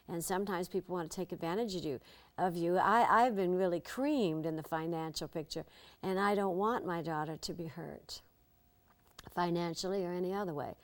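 An older actress as an interview guest, telling lively anecdotes and slipping into impressions. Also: female voice, fairly low pitch. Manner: lively storyteller, slips into impressions.

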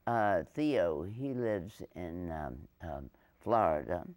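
An older woman with a deep voice, reminiscing haltingly in an interview with frequent restarts and laughter. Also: sing-song, a little mellow.

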